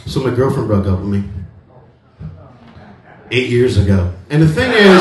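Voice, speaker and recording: A man from Cuba hosting and doing stand-up in a comedy club, animated and slipping into high-pitched character voices. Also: moderate pace, long pauses. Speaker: comedy show host and comedian. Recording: echoey room, distant mic, faint noise.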